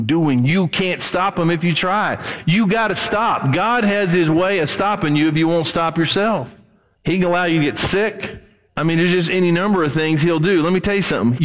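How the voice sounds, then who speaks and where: High-voiced man preaching in a reverberant hall. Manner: animated preaching, acting out quoted voices. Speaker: pastor. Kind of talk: sermon.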